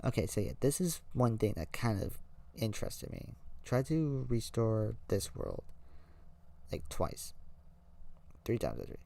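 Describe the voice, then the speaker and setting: Gravelly-voiced excited gaming host. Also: male voice, fairly low pitch, measured pace, long pauses. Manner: excited but talking quietly. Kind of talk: let's play commentary. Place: home at night. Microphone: handheld mic held close.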